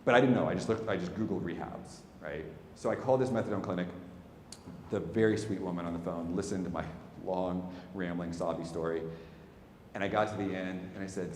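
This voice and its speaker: Deep-voiced man telling a candid story. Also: a little fast, a little hiss or hum. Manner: candid, animated storytelling with wry asides. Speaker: speaker. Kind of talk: public talk. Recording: echoey hall, faint ambience.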